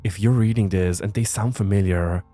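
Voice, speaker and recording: A man narrating a first-person horror story in a tense, measured way. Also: fairly low pitch, steady tone. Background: soft music.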